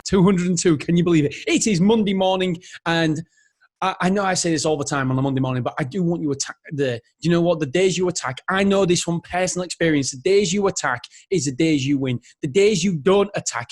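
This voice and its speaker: Energetic man, higher voice. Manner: energetic, rambling, self-interrupting. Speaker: podcast host. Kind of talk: solo motivational podcast monologue.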